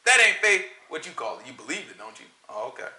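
Animated, high-voiced preaching man. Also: fast, echoey room, low-quality recording. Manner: emphatic, mocking, colloquial.

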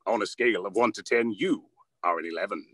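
A man voicing an eloquent, scheming male sorcerer villain in a smooth, theatrical way. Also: fairly low pitch, fast, fairly bright tone, dry recording, studio quality, pitched below the performer's own voice. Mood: gloating.

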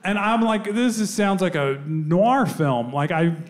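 A middle-aged man telling a story in stand-up, acting out the other voices with big jumps in pitch, with audience laughter. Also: animated, unhurried. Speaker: stand-up comedian. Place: comedy club stage.

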